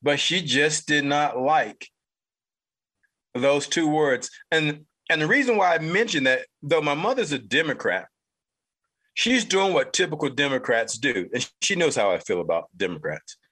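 A man's voice: fairly high pitch, lively intonation, unhurried, bright, forceful tone, breathy edge. A man in his fifties, originally from North Carolina, hosting a podcast and telling a rambling, repetitive personal anecdote. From North Carolina, United States. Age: 50s. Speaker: podcast host. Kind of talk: casual storytelling monologue.

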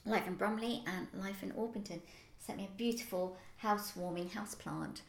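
Speaking at normal speed in a mid-range voice with vocal fry, this podcast co-host keeps the local show chatty and upbeat, rambling with fillers. The recording comes from an office or shared workspace with a roomy, echoey sound.

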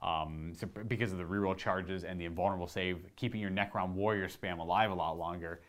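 A man's voice: sits low, steady tone, fast talker, a bit bright. A young man from Canada casually answering viewer questions about tabletop wargaming, chatty and rambling with enthusiasm. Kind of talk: casual live Q&A chat.

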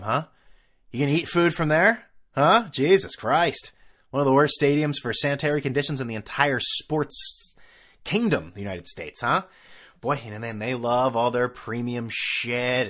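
A man's voice: mid-range voice, a bit bright. A man hosting a solo podcast, ranting casually in a sarcastic, profane, rambling way. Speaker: podcast host.

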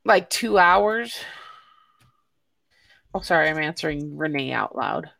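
Blunt, bright-voiced woman from Chicago. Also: deep voice, animated, gravelly. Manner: blunt, swearing, drawn-out emphasis. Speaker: podcast co-host. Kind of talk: casual podcast chat.

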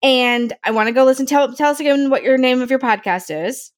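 A woman hosting a podcast, upbeat and encouraging in casual interview chat. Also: high voice. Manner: upbeat, encouraging, quick to laugh. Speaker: podcast host.

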